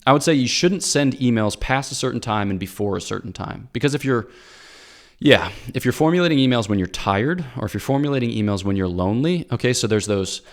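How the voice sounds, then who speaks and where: A man with a somewhat low voice, speaking as a priest in an easygoing advice talk. He explains earnestly and keeps checking in with his listeners, tossing in "okay?" and "all right?" as he goes. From Pennsylvania, USA.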